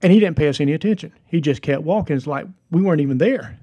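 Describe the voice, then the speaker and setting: A man's voice: fairly high pitch, animated, quick pace, warm tone, breathy edge, lo-fi sound. A man, hosting a devotional podcast and telling a story in an earnest, encouraging way. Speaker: podcast host.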